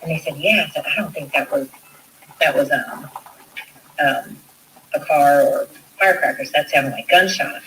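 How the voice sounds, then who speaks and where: A woman's voice: low voice, normal speed, long pauses, a bit bright, recorded from a distance, a little hiss or hum, rough recording. A woman, a nurse, recounting an event in an interview, telling it animatedly and acting out what others said. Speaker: nurse interviewed in a news clip.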